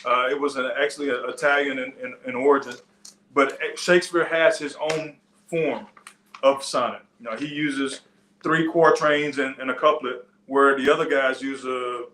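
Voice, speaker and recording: A man's voice: mid-range voice, fairly even intonation, moderate pace, bright, forceful tone, reverberant, slight background noise. A man preaching a sermon in a loose, conversational teaching style, with frequent restarts and side stories. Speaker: pastor. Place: church.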